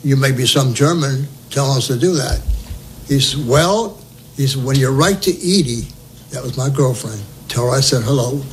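A man's voice: medium pitch, moderate pace, low-quality recording. Older man, oral history storyteller, humorous, acts out dialogue, faint hiss behind. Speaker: veteran telling a war story.

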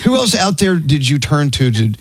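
Animated male talk-show host, playful questioner, slightly raspy tone. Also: a little high, moderate pace, no room sound. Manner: teasing, lively questioner. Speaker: interview host. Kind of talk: casual interview talk.

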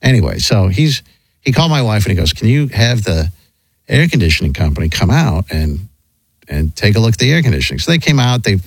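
A middle-aged man spins a rambling anecdote in casual chat, restarting his sentences often. His pitch swoops widely as he talks. The sound is dry and close. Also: dry recording, low-quality recording. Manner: rambling, animated, frequent restarts.

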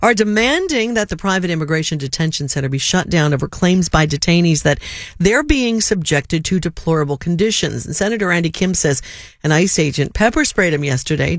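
Woman radio news anchor, crisp studio read, dry close mic. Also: lowish voice, no room sound. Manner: brisk, steady newsreader delivery. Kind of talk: scripted news bulletin. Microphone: studio microphone.

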